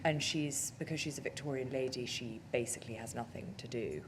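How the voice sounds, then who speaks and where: A woman's voice: very deep voice, a little fast, noisy background. A woman film director talking in an on-stage interview, chatty and self-deprecating, with lots of fillers. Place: on stage at a cinema talk event.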